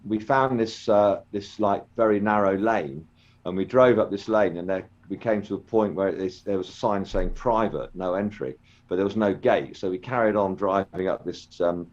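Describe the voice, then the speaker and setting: Older guy, low voice, muffled lo-fi sound, rambles on with lots of ums. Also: a little mellow. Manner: rambling, hesitant, many ums and restarts. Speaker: interview guest, former children's TV actor. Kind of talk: casual storytelling interview. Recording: dull lo-fi call audio.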